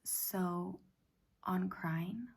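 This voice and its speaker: Soft half-whispering woman, gravelly and husky. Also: lowish voice. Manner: often half-whispered, gentle and halting. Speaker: self-help practice host. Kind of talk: soft-spoken personal reflection.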